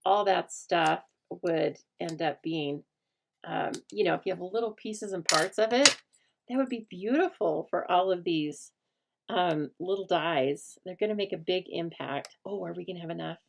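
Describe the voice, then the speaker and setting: A middle-aged American woman hosting a casual crafting chat, talking aloud as she works and often dropping to a soft murmur. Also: lowish voice, normal speed, gravelly, slight background noise. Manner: chatty, thinks aloud, drops to a soft murmur while working. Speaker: craft host.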